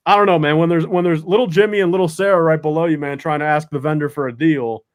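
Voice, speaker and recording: A man's voice: on the high side, steady tone, fast. A man in casual podcast chat, rambling in a laid-back, slangy way.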